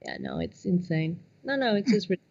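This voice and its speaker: Woman on a dull lo-fi line, animated chat. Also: on the low side, vocal fry, no echo. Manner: quick reactions, laughs along, animated when telling stories. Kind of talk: casual conversation.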